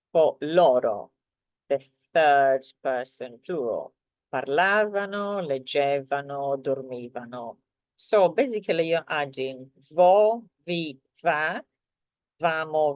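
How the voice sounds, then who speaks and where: A woman teaching a language lesson, walking through slides patiently with many pauses and fillers. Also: low voice, no room sound. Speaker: Italian teacher. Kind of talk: grammar lesson explaining slides.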